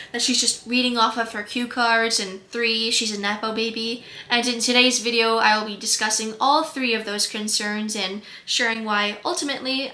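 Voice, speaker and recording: A nineteen-year-old woman hosting a comedic vlog, playfully mock-outraged with quick sarcastic asides. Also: on the high side, pushed and bright. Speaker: comedy YouTuber. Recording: echoey room with faint music.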